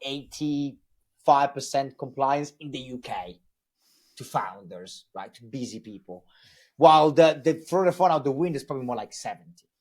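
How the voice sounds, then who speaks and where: Italian-accented male guest, upbeat and candid, a bit husky in tone. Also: mid-range voice, moderate pace. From Italy. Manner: energetic, frank, lots of restarts. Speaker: sales trainer guest. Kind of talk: casual podcast chat.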